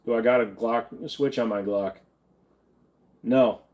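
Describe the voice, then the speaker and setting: A man hosts a casual live-stream Q&A, reading chat questions and answering bluntly in an offhand drawl, sounding tired and in pain. His medium-pitched voice is slightly slow and mellow, and he sits farther back than usual from a desk mic.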